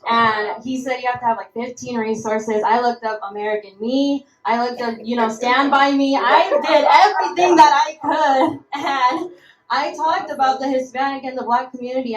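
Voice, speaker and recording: Animated young woman telling a story. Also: fairly high pitch. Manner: animated, acts out quoted voices. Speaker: roundtable speaker. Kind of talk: personal storytelling. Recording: echoey room.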